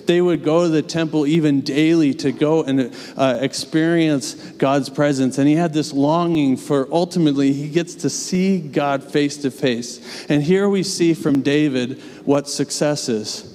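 A man's voice: fairly high pitch, unhurried, hardly any pauses, dark tone. A young adult man preaching a sermon in a church, earnest and conversational, with casual asides. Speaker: pastor. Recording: long church reverb.

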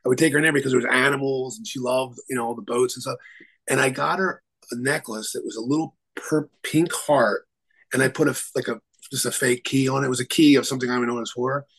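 A man's voice: medium pitch, fairly even intonation, fast talker, fairly bright tone, slightly rough, poor audio. A male attorney talking as a guest in an interview, telling his story in an earnest, rambling way. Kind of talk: conversational interview.

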